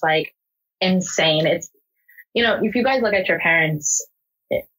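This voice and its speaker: Recorded on low-quality audio, this young woman from the US shares her personal story as an interview guest, candid, emotional and unpolished. She speaks at normal speed in a low, husky, breathy voice with a fairly bright tone, peppering in "like" and swear words.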